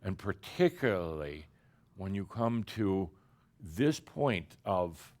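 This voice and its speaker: A man acting as a spiritual teacher, channeling an entity and addressing his audience as "dear human" in a playful, theatrical way that swings between loud emphatic bursts and quiet, drawn-out phrases. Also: sits low, big pitch swings.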